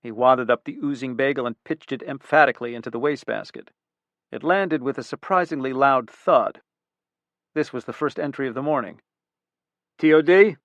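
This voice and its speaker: A man reading a crime thriller audiobook in a measured, even narration. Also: mid-range voice, dry recording, highs cut off. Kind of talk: scripted narration.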